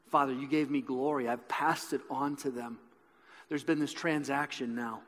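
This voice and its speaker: A man's voice: medium pitch, steady tone, moderate pace, a bit bright. A man preaching a sermon in an earnest storytelling manner. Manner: earnest storytelling, building intensity. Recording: echoey hall with long reverb.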